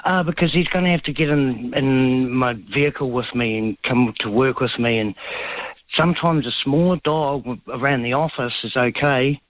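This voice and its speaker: A man's voice: medium pitch, normal speed, no echo. A man with a New Zealand accent calling in to a radio show, speaking hesitantly with many ums and restarts. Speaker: caller. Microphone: phone. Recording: slightly dull phone line.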